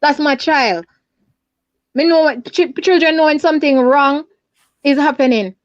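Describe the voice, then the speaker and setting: Jamaican woman, caller, urgent repetitive retelling, high voice, dry lo-fi phone sound. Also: unhurried, no room sound. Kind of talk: distressed phone interview. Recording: dull lo-fi phone line.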